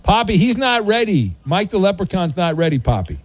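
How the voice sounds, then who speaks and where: A man's voice: high-pitched, slightly rough, dry recording. A man hosting a sports radio show, chatting casually and teasing his callers. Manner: animated, talkative, quick to tease callers.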